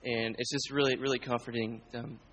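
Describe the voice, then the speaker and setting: A man's voice: mid-range voice, little pitch movement, a little fast, fairly bright tone, rough recording. A young man, a student, sharing a casual, hesitant testimony in a church group. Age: young adult. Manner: hesitant, many restarts.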